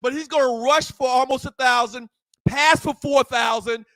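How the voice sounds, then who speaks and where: A man's voice: extremely high pitch, fairly even intonation, normal speed, fairly bright tone, no echo. A man co-hosting a casual sports talk show, emphatic and repeating his points. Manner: emphatic, repeats points, thinks aloud with restarts.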